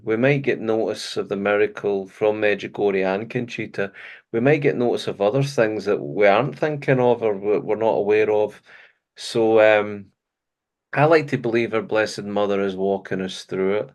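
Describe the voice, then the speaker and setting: A Scottish man in middle age hosts a faith-centred conversation. His voice sits on the low side and he talks earnestly, often breaking into an easy laugh. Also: moderate pace, a little mellow. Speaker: host. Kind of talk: casual faith interview chat.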